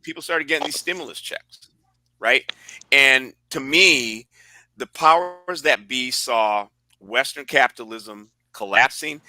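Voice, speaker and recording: A man's voice: medium pitch, sharp tone, low-quality recording. A man speaking animatedly in a political discussion, laying out a theory with wry asides.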